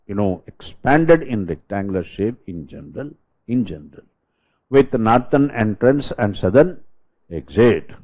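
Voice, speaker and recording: A man's voice: mid-range voice, darkish tone. A middle-aged man from South India with a South Indian English accent, lecturing students for a civil-service exam and firing rhetorical questions at them. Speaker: history teacher. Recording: dull lo-fi classroom recording.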